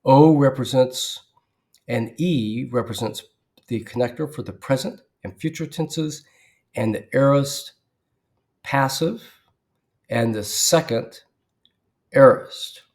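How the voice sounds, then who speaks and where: A man teaching at an unhurried, measured pace. He works methodically, stopping to spell things out letter by letter. He often clears his throat mid-sentence. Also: medium pitch, darkish tone. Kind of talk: verse-by-verse teaching.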